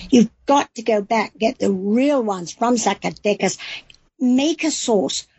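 A woman's voice: fairly high pitch, darkish tone, breathy edge, dry recording. A woman with an English accent, a cookbook author talking as an interview guest in an enthusiastic, emphatic, rambling way. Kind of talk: interview on a call-in show. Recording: dull, lo-fi sound.

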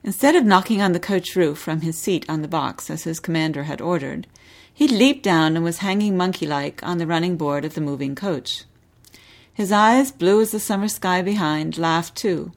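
A woman hosting a book podcast, reading a novel excerpt in a measured, expressive way and interviewing an author. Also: fairly low pitch. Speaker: podcast host.

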